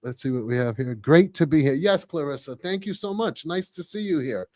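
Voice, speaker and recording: A man in his forties hosting a podcast live, chatting casually with viewers, reading comments and repeating phrases excitedly. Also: a little high, fairly quick, dry recording. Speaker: podcast host.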